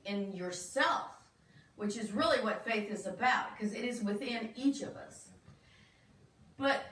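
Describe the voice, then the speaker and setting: A woman with a fairly high voice preaches in a relaxed, conversational way, often turning to ask the congregation questions. She is picked up from some distance in an echoey church room. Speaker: minister. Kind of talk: sermon. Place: church sanctuary.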